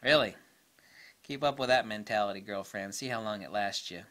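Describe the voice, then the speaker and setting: A man's voice: on the low side, brisk, fairly bright tone. A man ranting to camera in a casual, blunt way, opinionated and laughing at his own jokes. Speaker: camera vlogger.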